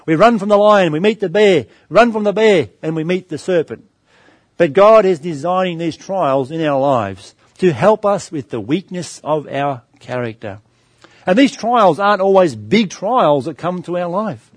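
A man's voice: high-pitched, no room sound. A middle-aged man preaching a sermon, calling his listeners friends and asking them rhetorical questions. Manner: storytelling anecdote with varied pace.

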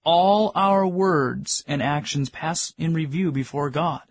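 High-voiced, husky preacher man. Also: slow pace, dry recording, studio quality. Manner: earnest, asks the congregation questions; addresses listeners as friends. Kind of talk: sermon.

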